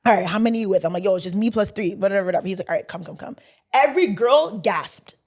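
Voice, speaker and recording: A woman's voice: mid-range voice, fast talker. Young woman co-host, chatty storyteller who acts out every quote with laughs. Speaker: podcast co-host. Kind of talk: casual storytelling chat.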